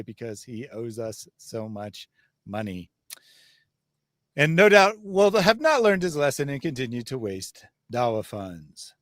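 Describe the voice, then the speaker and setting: A man's voice: medium pitch, expressive, unhurried, no echo, clean studio sound. A man hosting a live stream, reading super chats with wry, sardonic asides. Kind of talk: casual live chat.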